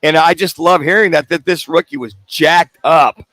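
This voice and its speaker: A man's voice: a little high, fairly even intonation, moderate pace, a bit bright, dry recording. A man co-hosting sports radio live from a bar, telling stories in a rambling way with many restarts. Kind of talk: casual sports talk.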